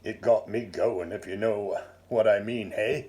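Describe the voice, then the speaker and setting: A man narrates a first-person tale in a low, mellow voice. His delivery is measured and formal, with a dry wry edge to it. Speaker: narrator reading his story.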